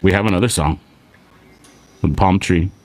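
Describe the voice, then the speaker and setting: A young man from South Texas with a slight twang, hosting a casual live show and reading out viewer shout-outs. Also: sits low, normal speed. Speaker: show host.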